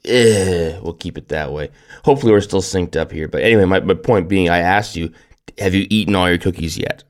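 Male podcast co-host, very deep groggy morning voice, wry teasing rambler. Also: brisk. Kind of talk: casual chat.

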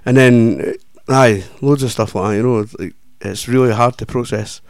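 A man's voice: mid-range voice, normal speed, no echo, clean studio sound. Teasing Scottish man co-hosting. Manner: chatty, teasing, restarts a lot. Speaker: co-host. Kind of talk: casual radio chat.

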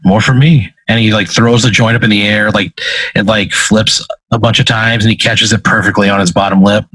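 A man's voice: on the low side, little pitch movement, brisk, bright, forceful tone, breathy edge, no echo, low-quality recording. A man narrating a tabletop role-play as game master, talking casually and profanely in rambling sentences.

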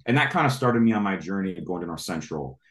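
A man in his thirties, a traveling evangelist, telling his faith story in an animated way and acting out his own reactions. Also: sits low, fast talker, echoey room. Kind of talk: testimony storytelling.

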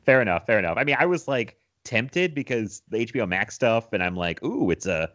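A young man talks casually about films on a podcast, his voice sitting low. He rambles, restarts his sentences and laughs often. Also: expressive, fairly quick, fairly bright tone, dull audio. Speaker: podcast co-host. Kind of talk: casual movie chat.

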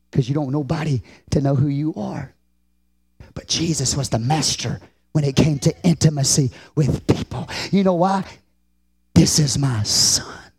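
A male pastor with a Texan accent, preaching a sermon. His voice sits high for a man, and he swings from hushed, intimate stretches to sudden shouted climaxes. The sound is close and dry. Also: gravelly, slightly rough, no echo.

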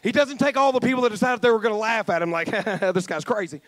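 High-voiced preacher, dry sound. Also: male voice, quick pace, no room sound. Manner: repetitive, rhythmic preaching cadence; earnest, emphatic storytelling. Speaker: pastor. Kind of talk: sermon.

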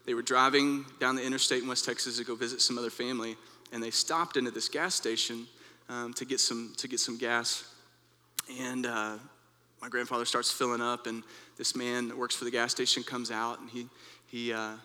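A man's voice: medium pitch, flat delivery, moderate pace, bright, forceful tone, long reverb tail. A young man giving an earnest, conversational devotional talk, telling a personal story as a preacher.

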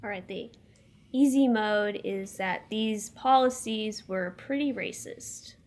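A young woman hosting a trivia quiz, reading questions aloud in a measured, plainspoken way. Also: mid-range voice, a little mellow. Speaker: quiz host.

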